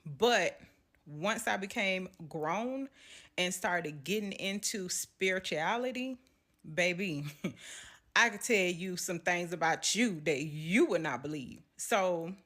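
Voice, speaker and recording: Animated woman telling a story. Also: fairly low pitch, slow pace. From Southern US. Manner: animated, laughs often, acts out quotes. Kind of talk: storytime vlog.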